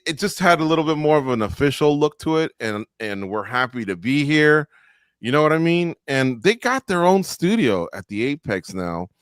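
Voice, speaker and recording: A man's voice: medium pitch, clean tone, no echo, studio quality. A man co-hosting a live sports roundtable in casual chat, rambling and reading out viewer comments.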